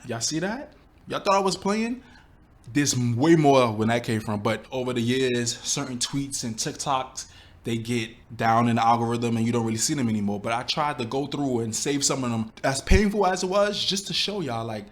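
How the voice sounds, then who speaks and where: A man's voice: medium pitch, moderate pace. A man giving a reaction commentary to his viewers, exasperated and rhetorical, often asking them questions directly. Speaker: YouTube commentator.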